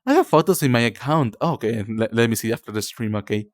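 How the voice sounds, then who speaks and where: Talking fast and expressively in a mid-range voice, a young man from Mexico rambles to his stream audience, using many fillers and addressing them as darling. He's a native Spanish speaker with a Mexican Spanish accent. The studio-quality recording has no room sound.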